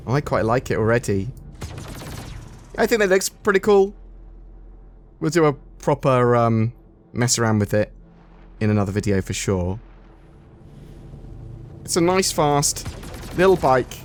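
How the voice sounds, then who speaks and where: A man's voice: mid-range voice, a little hiss or hum. A man hosting a gaming channel, giving casual, rambling commentary full of fillers and enthusiasm.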